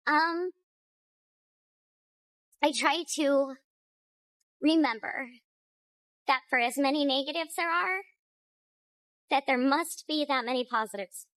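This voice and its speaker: A woman living under a bridge, answering a street interview in a calm, hopeful, reflective way. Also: sits high, slow pace, long pauses, no room sound, rough recording.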